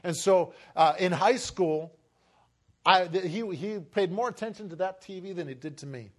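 A man's voice: high-pitched, moderate pace. A man preaching a sermon and telling a personal story, talking with many fillers and restarts. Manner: emotional, acts out family voices, rising to shouts.

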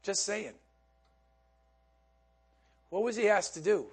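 A man's voice: high-pitched, takes it slowly, husky. A man preaching a sermon in a conversational way, asking his listeners questions and laughing along with them. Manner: conversational, asks the congregation questions, laughs often.

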